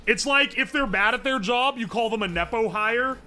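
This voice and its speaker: Man, streamer, casual chat, rambling, profane, high voice, faint background music. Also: moderate pace, bright, forceful tone.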